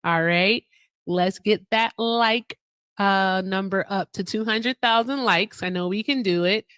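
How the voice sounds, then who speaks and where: A woman's voice: mid-range voice, a little slow, fairly bright tone, clear, resonant tone, dry recording. Laughing, chatty woman live streamer. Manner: joking, laughs often, talks to chat. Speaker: livestream host. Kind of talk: casual live stream chat.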